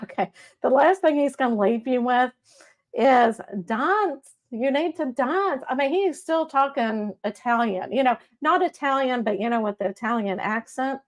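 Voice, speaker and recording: A middle-aged woman with a Texas accent, a medium hosting a casual live-stream reading. She talks in a chatty, warm-hearted way and often checks in with "okay?". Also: high-pitched, lively intonation, moderate pace. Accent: Texan. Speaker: psychic medium host.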